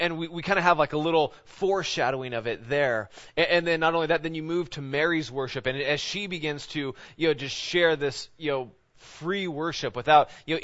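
A man's voice: a little high, fairly bright tone. A man, a pastor, giving an informal, conversational sermon, often checking in with his listeners by asking "right?". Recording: dull lo-fi recording.

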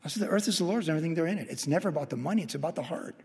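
Male pastor, fairly high husky voice, quiet to loud surges, big reverberant hall. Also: racing. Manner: storytelling, swings from quiet to loud excited peaks. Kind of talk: sermon.

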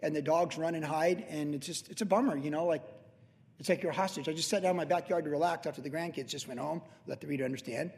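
Late-fifties male pastor, chatty, meandering storyteller, voice on the higher side, recorded with reverb in a big hall. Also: fast, a little mellow. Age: late 50s. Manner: rambling, conversational, with many restarts and "like". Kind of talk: casual sermon storytelling.

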